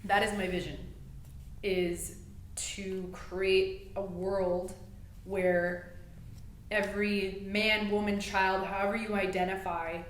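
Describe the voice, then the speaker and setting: A woman's voice: mid-range voice, flat delivery, slow pace, a little hiss or hum. Passionate woman podcast co-host, echoey room. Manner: passionate, emphatic, gets fired up. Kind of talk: casual podcast conversation. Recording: echoey room with faint ambience.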